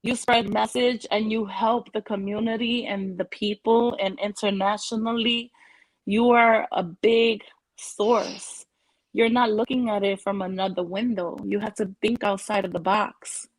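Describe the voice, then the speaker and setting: A woman's voice: mid-range voice, fairly even intonation, unhurried, dry recording, poor audio. A Puerto Rican woman from the Bronx, talking brashly and swearing in a casual livestream chat. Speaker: livestream guest.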